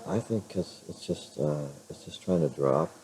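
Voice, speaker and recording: A middle-aged man chatting in a casual vlog with a hoarse, raspy voice, rambling with many fillers and restarts. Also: low voice, normal speed, a little mellow, a little hiss or hum, rough recording. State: clears throat now and then. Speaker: vlogger.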